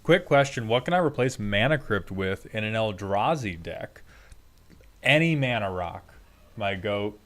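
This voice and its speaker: A man's voice: on the low side, lively intonation, a little slow, fairly bright tone. Sarcastic man hosting a stream. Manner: sarcastic, profane, mock-scolding. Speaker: streamer host roasting viewer decks. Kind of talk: casual livestream banter.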